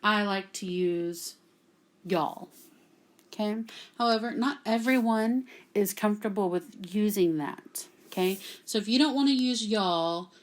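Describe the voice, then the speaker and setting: A woman's voice: medium pitch, measured pace. A woman from Texas, teaching a classroom grammar lesson at a whiteboard and patiently checking in with "okay?" after nearly every point. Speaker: Latin teacher.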